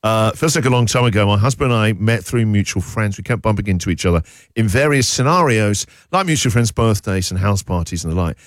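Male radio host, animated and playful, low voice with a dry studio close-mic. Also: a little fast, dry recording. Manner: animated, self-mocking, mock-dramatic. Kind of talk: casual radio chat, reading listener texts. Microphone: studio microphone.

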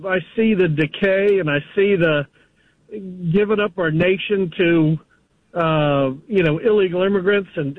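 A man from Florida calls in to a radio show over a thin, tinny phone line. His voice is high for a man, very dry, and he speaks haltingly, full of fillers and restarts. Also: no echo. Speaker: radio caller.

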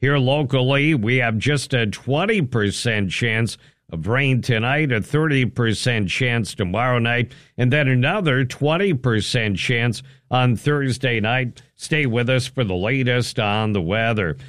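Male radio news anchor, even delivery, dry studio sound. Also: mid-range voice, a little slow, no echo. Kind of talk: local radio newscast and morning banter. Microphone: close studio mic.

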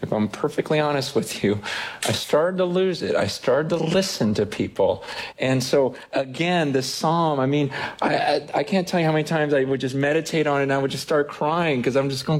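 A man's voice: fairly high pitch, moderate pace. Earnest, conversational male preacher. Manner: conversational and earnest, with frequent repeated words. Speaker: pastor. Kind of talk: sermon. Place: in front of a congregation.

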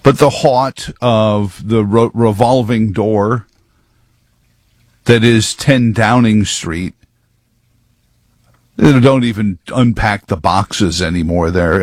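A man's voice: on the low side, slow, pauses often, no room sound. A man giving rambling, sarcastic political commentary full of wordplay.

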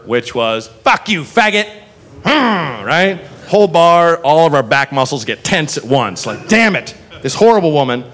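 A man doing stand-up, telling a long story with swearing and quick acted-out voices for the people in it. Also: fairly high pitch. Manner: animated, swearing, acts out characters in quick voices. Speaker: stand-up comedian. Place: comedy club stage. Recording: live room with faint crowd and noise.

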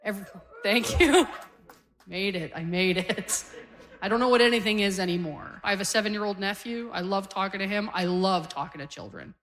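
A woman's voice: medium pitch, moderate pace, a bit bright. Canadian woman in her forties doing stand-up. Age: 40s. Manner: conversational storytelling with punchy one-liners. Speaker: stand-up comedian. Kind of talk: stand-up comedy set. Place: comedy stage before a live audience.

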